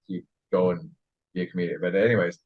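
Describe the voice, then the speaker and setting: A lower-voiced man, a former hockey player, chats as a podcast guest and tells stories in an easygoing, laid-back way. His audio is slightly dull and muffled. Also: fast talker. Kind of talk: casual storytelling chat.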